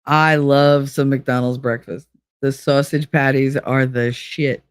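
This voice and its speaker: A woman's voice: extremely low pitch, steady tone, slow pace, clean tone, no echo, clean studio sound. A woman casually telling a candid, profane personal story, acting out both sides of the conversation. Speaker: stream host.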